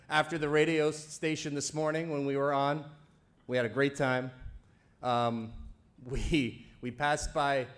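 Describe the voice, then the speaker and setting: A man delivering a comedy roast at a charity banquet, chuckling through his jokes and teasing the guest of honor. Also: on the high side. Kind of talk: stand-up roast set. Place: banquet event before a live audience.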